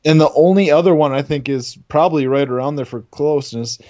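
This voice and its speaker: A man with a mid-pitched voice co-hosts a podcast, eager and animated as he runs through his picks. The sound is dry and close but dull and lo-fi. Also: fairly quick, dry recording. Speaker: podcast co-host. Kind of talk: casual sports-radio chat.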